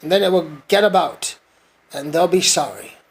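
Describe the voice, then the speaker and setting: A man's voice: fairly high pitch, animated, normal speed, slightly rough. A man voicing a gloomy, self-pitying male donkey from a storybook, in a mournful, sarcastic way.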